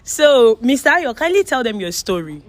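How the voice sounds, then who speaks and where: A woman's voice: fairly high pitch, big pitch swings, normal speed. A woman with a Nigerian accent hosting an online chat show, chatty and mixing Pidgin into her English. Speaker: host.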